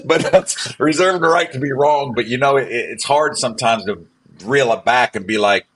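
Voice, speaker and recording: A man's voice: mid-range voice, normal speed, a bit bright, slight background noise. Male guest, casual and profane storyteller who animates his quoted dialogue.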